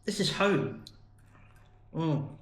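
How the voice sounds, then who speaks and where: A man's voice: fairly high pitch, expressive, drawn-out words, fairly bright tone, echoey room. A man from the UK in a chatty, enthusiastic food review vlog. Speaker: food vlogger.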